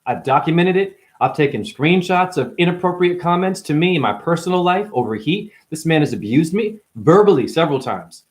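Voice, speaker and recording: Animated man rambling on a livestream. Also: on the high side, brisk, hardly any pauses. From Boston. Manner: animated, jumps between topics, swears, mimics voices in stories. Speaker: livestream host.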